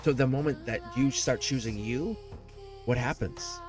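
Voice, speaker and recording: A middle-aged man hosting a live tarot stream, rambling and animated, laughing often as he talks. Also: medium pitch, a little slow, soft background music.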